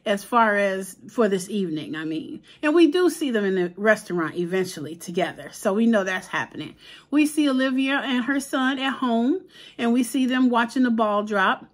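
Woman, a bit high-pitched, chatty TV recapper, animated and slangy. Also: moderate pace. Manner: chatty, animated retelling with voiced-out quotes and slang. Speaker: TV episode reviewer. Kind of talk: casual recap of a TV episode.

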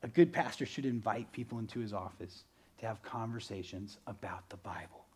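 A man preaching a sermon as pastor, animated, swinging between loud bursts and quiet, earnest stretches. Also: lowish voice, normal speed, a little hiss or hum.

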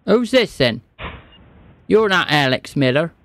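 A man's voice: a little high, big pitch swings, measured pace, fairly bright tone, no echo. A man streaming a scam-bait phone call, feigning confusion and playing dumb with the caller. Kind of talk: prank call.

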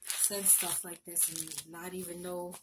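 A woman's voice: fairly low pitch, level tone, a little slow, very noisy. A woman vlogger at home, chatting casually and gushing with emotion as she opens mail, often repeating herself. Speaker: crafting vlogger. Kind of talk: casual unboxing chat.

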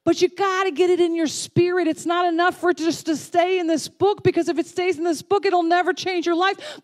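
Woman pastor, sermon, high voice, emphatic, repeats phrases, loud then hushed. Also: fairly even intonation, fairly quick, hardly any pauses. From Texas family, Southern upbringing.

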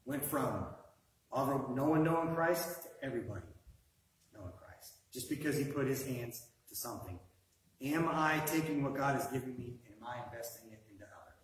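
A man's voice: mid-range voice, expressive, moderate pace. A man preaching a sermon in a conversational way, with asides and rhetorical questions to the congregation. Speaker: pastor. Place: church sanctuary. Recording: echoey room, voice from far off.

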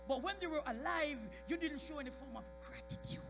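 A man in a church preaching a sermon. His voice rises from quiet talk to shouted high points, and he calls out members of the congregation by name. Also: sing-song, quick pace, few pauses, music in the background. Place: church sanctuary.

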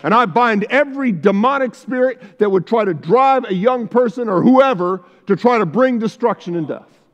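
A middle-aged male pastor preaching a sermon in a church, fervent and repetitive, breaking into spoken prayers. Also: sits high. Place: church sanctuary. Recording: muffled sound with long hall reverb.

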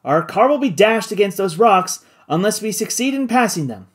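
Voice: mid-range voice, very animated, normal speed, natural voice. A reader voicing a resolute Victorian doctor in an audiobook, speaking in a commanding, urgent way. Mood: tense. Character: resolute Victorian doctor leading a balloon voyage. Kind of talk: audiobook character voice.

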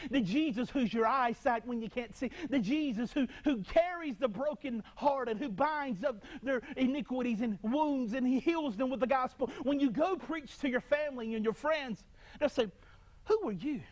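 A man's voice: very high voice, moderate pace, a little mellow. A man preaching a sermon to his congregation, fervent and repetitive, restarting his phrases as he builds his point.

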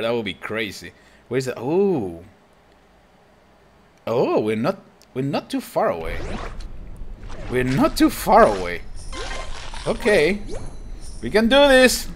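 A young man hosting a gaming channel, giving excited let's-play commentary, laughing, exclaiming and repeating himself as he plays. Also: fairly high pitch, unhurried, long pauses, a little hiss or hum. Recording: game music behind voice.

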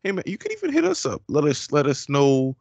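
A man's voice: on the high side, wildly swooping pitch, fairly quick, a little mellow, dry recording. A man co-hosting a podcast, chatting casually and jokingly, with lots of slang. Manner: laid-back and joking, with slang like "man", "bro" and "yous". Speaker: podcast co-host. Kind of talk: casual chat.

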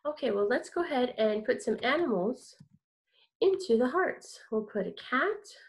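A woman's voice: fairly high pitch, expressive, normal speed. A woman teaching an online kindergarten music lesson, upbeat and encouraging, leading call-and-response.

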